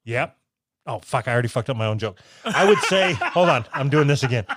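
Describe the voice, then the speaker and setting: A man's voice: mid-range voice, expressive, quick pace, background noise. A man co-hosting a podcast, trading crude, teasing insults in casual banter. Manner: teasing, profane, argumentative. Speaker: podcast co-host.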